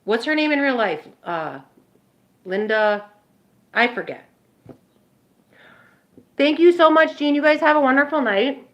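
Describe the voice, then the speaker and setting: A woman's voice: high-pitched, expressive, a little slow, long pauses, fairly bright tone. A woman livestreaming casually to her viewers, heartfelt and rambling with many fillers, a little stuffed up from a nose infection. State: nasal infection. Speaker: live streamer.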